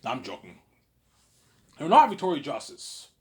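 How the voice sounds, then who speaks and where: Boastful rambling man with a lively swinging voice. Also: a little high, moderate pace. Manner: rambling and repetitive, tags lines with "obviously"; boastful, swinging between loud claims and mumbled asides. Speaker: vlogger. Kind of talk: rambling monologue to camera.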